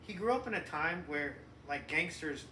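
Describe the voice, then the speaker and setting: A middle-aged man co-hosting a casual podcast as the father, rambling and profane, breaking into loud mocking rants. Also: on the high side, animated, moderate pace, a little hiss or hum. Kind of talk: casual chat. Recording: echoey room, distant mic.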